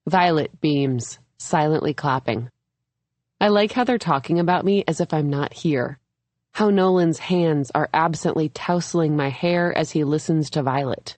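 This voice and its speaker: A young adult woman reading a first-person thriller audiobook in a measured, even storytelling manner. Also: low-pitched, no echo. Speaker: audiobook narrator. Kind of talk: scripted first-person narration.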